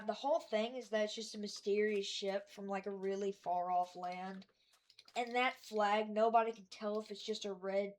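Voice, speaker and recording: A woman giving a casual voice-over of her game world, rambling and hesitant, with lots of fillers, restarts and self-deprecating asides. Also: mid-range voice. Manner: self-deprecating about her own work. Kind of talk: casual voice-over narration of gameplay.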